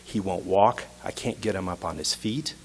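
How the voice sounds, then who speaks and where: Lowish voiced guy telling a story live on stage, tense punchy short sentences. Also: moderate pace. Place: stage at an arts center.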